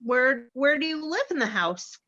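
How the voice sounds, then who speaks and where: A woman's voice: high-pitched, very animated, normal speed, sharp tone, pitched above the performer's own voice, full character voice. A woman voicing a nosy little girl who wheedles and asks prying questions. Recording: dull lo-fi recording.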